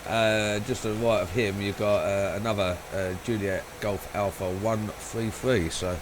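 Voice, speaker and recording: A man's voice: fairly low pitch, fairly even intonation, measured pace, heavy background noise. A man live-streaming a flight simulator, chatting casually, rambling, swearing and laughing a lot.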